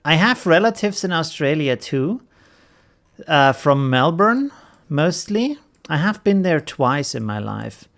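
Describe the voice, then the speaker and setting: A man's voice: fairly high pitch, very animated, slow, vocal fry, a bit bright. A man with a German accent hosting a casual live stream, greeting viewers by name and chuckling often.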